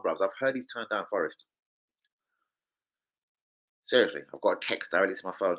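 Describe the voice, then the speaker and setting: A young man rants casually about football, heavy on swearing and slang. His voice is bright and sharp, swinging widely in pitch as he gets worked up. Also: lively intonation, fast talker. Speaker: football fan vlogger. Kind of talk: casual rant to camera.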